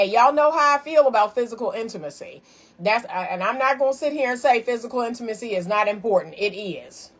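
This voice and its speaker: A woman talks straight to her live viewers about choosing a partner, frank and chatty, with quick laughing asides. Her voice sits at an ordinary middle pitch for a woman. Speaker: relationship advice host. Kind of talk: casual live-stream advice talk.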